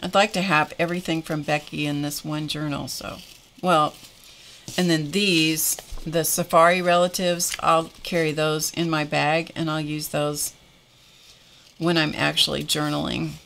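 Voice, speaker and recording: Woman craft-stream host; unhurried, chatty, rambling delivery with restarts. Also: sits low, flat delivery, creaky, fairly bright tone, a little hiss or hum. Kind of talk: casual chat with live viewers.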